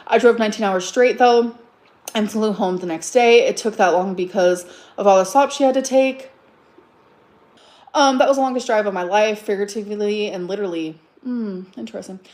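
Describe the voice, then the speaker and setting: A woman's voice: medium pitch, moderate pace, darkish tone. A woman on a live stream, telling a story in an agitated, emotional rant, repeating herself and swearing.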